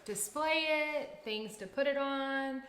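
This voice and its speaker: A woman in a casual family chat, quick and chatty, asking for ideas, in an echoey room with faint noise. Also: high voice, fairly bright tone.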